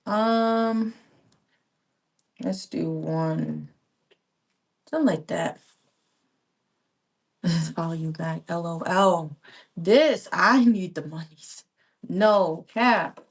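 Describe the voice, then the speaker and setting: A crafting vlogger in her thirties chats casually with viewers on a live stream while crafting at home by a window, rambling with slangy asides. Her voice is fairly low, slow, and breathy, with long pauses, picked up at a distance by a small handheld pink microphone.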